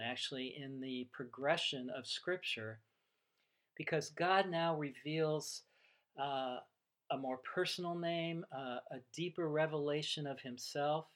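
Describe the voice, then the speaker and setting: A man preaching a sermon, teaching in an unhurried, reflective way and voicing the dialogue of the story he retells. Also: on the high side, a bit bright. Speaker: pastor.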